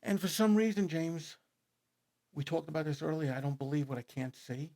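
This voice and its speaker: A man with a New York accent, a guest author telling his story in a studio interview, animated and rambling. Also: on the high side, moderate pace. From New York City. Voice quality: gravelly, husky. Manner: animated, rambling storyteller who speeds up and gets loud when excited.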